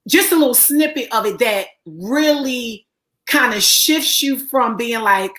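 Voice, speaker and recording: A woman with a raspy voice hosting a live online talk show, upbeat and encouraging in a preacherly way. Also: on the high side, lively intonation, a little slow, fairly bright tone, low-quality recording. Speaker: host.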